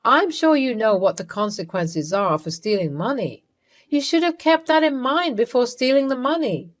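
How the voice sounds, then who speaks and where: A woman narrating a first-person story in a measured, coolly resentful way. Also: a little high, big pitch swings.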